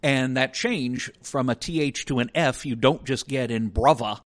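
A man at an ordinary middle pitch, co-hosting a podcast. He talks in a casual educational way, laying out one example after another in turn. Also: normal speed. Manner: explanatory, walks through examples step by step. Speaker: podcast co-host.

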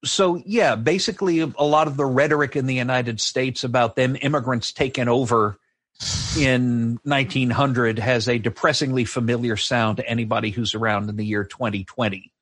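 A man's voice: mid-range voice, fairly even intonation, normal speed, fairly bright tone, no echo. Man, podcast co-host, sardonic history chat, dry sound. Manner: wry, sardonic storytelling. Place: live show.

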